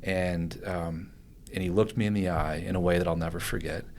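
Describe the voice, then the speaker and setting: A low-voiced man, speaking at normal speed, shares a personal story as a podcast guest. His telling is animated and rambling, with lots of restarts and fillers.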